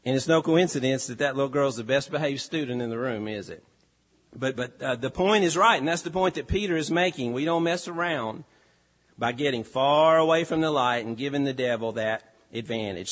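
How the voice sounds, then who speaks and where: A pastor delivering a sermon, with an earnest, emphatic delivery that rises and falls. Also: male voice, medium pitch, moderate pace, fairly bright tone. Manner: earnest, emphatic preaching with rising and falling delivery.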